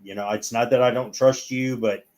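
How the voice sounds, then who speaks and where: Man, mid-pitched voice, casual chat guest, rambling anecdotes, acts out the people he quotes. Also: fairly even intonation, moderate pace, a little mellow.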